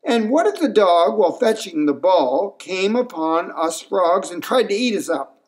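A man's voice: sits high, very animated, a little slow. A man voicing a cautious, worried male frog who argues insistently.

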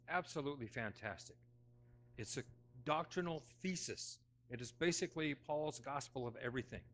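A middle-aged man preaching a sermon as pastor, talking conversationally with folksy, self-deprecating humor, moving between loud emphasis and hushed asides. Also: medium pitch. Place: church sanctuary.

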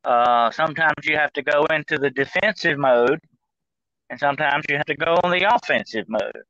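A man with a bright, forceful voice speaks over a dull, muffled line that sounds dry and close. He rambles through his points with many fillers and restarts in a casual talk-show manner. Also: fairly high pitch, moderate pace, no room sound. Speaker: guest on demonology show.

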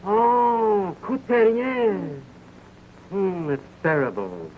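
An actor playing a fawning, nervous middle-aged film producer who wheedles and flatters. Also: male voice, sits high, extremely slow, heavily acted. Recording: dull 1929 film soundtrack, faint hiss.

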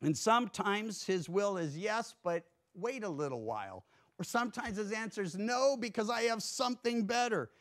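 A man pastor preaching a sermon in a church, earnest, swinging between emphatic rises and hushed drops. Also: sits high, animated, moderate pace.

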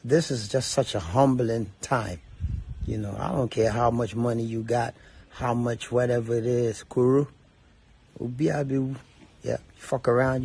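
Middle-aged Ghanaian man with a Ghanaian accent, gravelly and hoarse-edged, angry and profane on a social media rant. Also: medium pitch, darkish tone. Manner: angry, profane, switching between English and Twi. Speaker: entertainer addressing fans.

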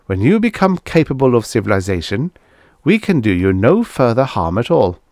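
A man voicing a calm, formal alien oracle machine that speaks in measured, unhurried sentences. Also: medium pitch, dry recording, clean studio sound.

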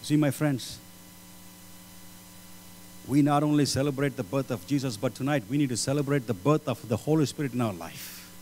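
A man preaching a sermon, swinging between loud pleading passages and low, solemn lines. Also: normal speed, pauses often. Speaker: pastor. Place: church hall. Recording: hall reverb with mains hum.

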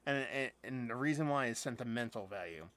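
A man talking in a bright, forward voice, rambling through a casual live unboxing chat. He is enthusiastic and curses freely, and he fills his talk with ums and restarts. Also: mid-range voice, lively intonation, a little fast. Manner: rambling and chatty, with many fillers and restarts. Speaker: beer reviewer and channel host.

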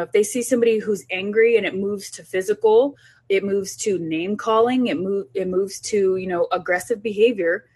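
A woman's voice: medium pitch, slightly rough. A middle-aged woman, a child development specialist, giving down-to-earth parenting advice in an informal talk, earnest and often repeating herself.

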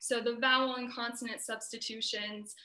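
A woman's voice: on the high side, little pitch movement, moderate pace, bright, forceful tone, roomy sound, low-quality recording. A young American woman giving an earnest, explanatory student presentation over a video call. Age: young adult.

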